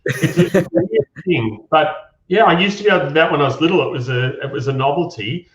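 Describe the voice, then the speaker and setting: A male pastor joining by video call, chatting in a relaxed, amused way. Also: a little high, racing. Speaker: pastor, guest. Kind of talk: casual video call chat. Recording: roomy, dull video call audio.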